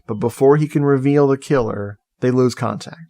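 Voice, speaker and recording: A man's voice: mid-range voice, moderate pace, warm tone, dry recording. A man co-hosting a podcast, recapping a horror film in casual chat and laughing at his own jokes. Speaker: podcast co-host.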